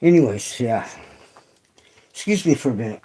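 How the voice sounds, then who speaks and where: A man's voice: medium pitch, expressive, normal speed, mellow, a little hiss or hum, low-quality recording. A middle-aged man hosting a casual livestream chat with viewers, rambling and swearing, full of fillers and restarts. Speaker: channel host.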